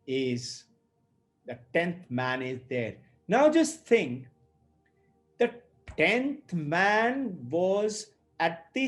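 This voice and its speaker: Slow, high-voiced male spiritual teacher. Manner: storytelling, acts out quoted speakers. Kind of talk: explanatory talk on scripture.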